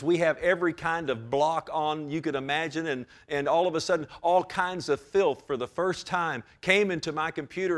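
A male pastor preaching a sermon with passion, moving from hushed, low passages to loud, high exclamations.

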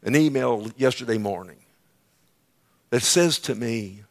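A man preaching from the pulpit in a church with a voice of ordinary middle pitch. He drops to hushed, near-whispered lines, then climbs into loud, pleading outbursts. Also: expressive, measured pace, long pauses. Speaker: pastor. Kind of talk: sermon. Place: church sanctuary.

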